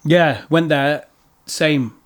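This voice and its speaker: A man's voice: a little high, steady tone, very slow. A man hosting a podcast, chatting casually over drinks, agreeing often and telling his own anecdotes. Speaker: podcast host.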